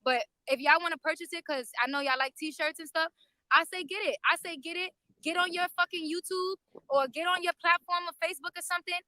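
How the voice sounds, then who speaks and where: A woman chatting live to her viewers on a phone, high-pitched and loud, with plenty of swearing. Her voice is bright and sharp, and the sound is close and dry with no room echo. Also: fairly quick. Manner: animated, profane, talks straight to viewers. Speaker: YouTube livestreamer. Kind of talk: casual live-stream commentary. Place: outside a courthouse overflow room.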